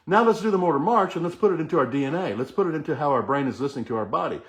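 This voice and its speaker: A man's voice: on the high side, expressive, racing, hardly any pauses. A middle-aged man hosting a motivational talk, earnestly leading the listener through repeated affirmations. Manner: earnest, repetitive chanting of affirmations. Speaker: host.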